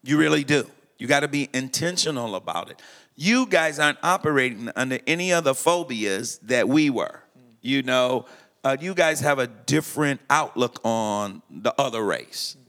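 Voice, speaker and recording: A man's voice: mid-range voice, animated, normal speed, a bit bright. A middle-aged man, a pastor, talking emphatically in a preaching style and quoting scripture. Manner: emphatic, quotes scripture, repeats phrases.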